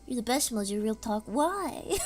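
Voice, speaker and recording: A woman's voice: on the high side, expressive, takes it slowly, darkish tone. A woman streaming casually from home, rambling in an erratic way and breaking into screams and laughs. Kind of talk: casual live-stream chat.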